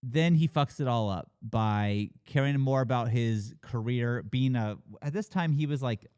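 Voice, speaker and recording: Animated man recapping a film, swearing freely. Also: measured pace, clear, resonant tone, no echo, studio quality. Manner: animated retelling, acting out characters' lines with big pitch jumps; frequent swearing and fillers. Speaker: podcast co-host reviewing a film. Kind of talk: casual chat.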